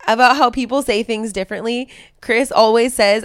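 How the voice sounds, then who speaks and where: A woman co-hosting a casual podcast, playfully defiant and quick to laugh, swearing freely between stories. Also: a little high, steady tone, clear, resonant tone, dry recording, clean studio sound. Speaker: podcast co-host.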